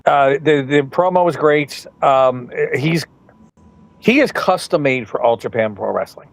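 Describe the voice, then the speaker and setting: A man co-hosts a podcast in casual chat. He rambles and pauses often, and his voice stays at an ordinary middle pitch. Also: animated, vocal fry. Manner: rambling, hesitant, full of ums. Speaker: podcast co-host.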